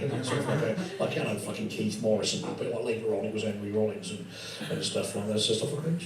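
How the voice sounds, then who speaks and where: A man doing stand-up in a very echoey room, caught from some distance, with a crowd laughing around him. He tells rambling, sweary stories at a medium pitch and slips in quick impressions of people. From England. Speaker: stand-up comedian. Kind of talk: stand-up storytelling. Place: tattoo studio with a live audience. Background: audience laughing.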